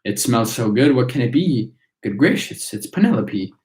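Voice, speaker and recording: A man's voice: medium pitch, animated, moderate pace, a little mellow, natural voice. A man reciting as tiny workers chanting verse. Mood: preachy. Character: chorus of tiny singing factory workers. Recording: roomy echo.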